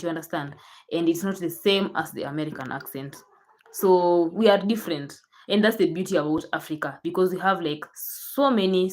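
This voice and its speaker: Young Kenyan woman, low voice, chatty vlogger who repeats herself and restarts. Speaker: YouTuber. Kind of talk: casual chat to camera.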